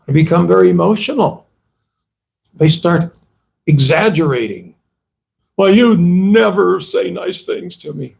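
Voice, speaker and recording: Monk giving a chatty sermon to the congregation, lively up-and-down delivery, unhurried. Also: male voice, a little high, creaky, slight background noise. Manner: conversational, asks the audience rhetorical questions. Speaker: monk giving a temple talk. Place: temple hall.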